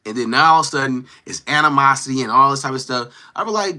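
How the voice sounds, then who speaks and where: A man hosting a casual livestream, talking to his chat in a slangy, animated way and acting out quoted lines. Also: medium pitch, fast, few pauses. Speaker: livestream host. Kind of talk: casual livestream chat, reading viewer comments.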